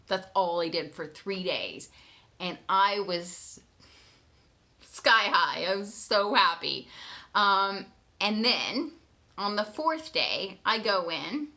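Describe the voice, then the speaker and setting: A woman telling her partner a personal story in a candid, animated way, swearing freely and often checking in with "right?". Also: medium pitch, takes it slowly. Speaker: manifestation coach.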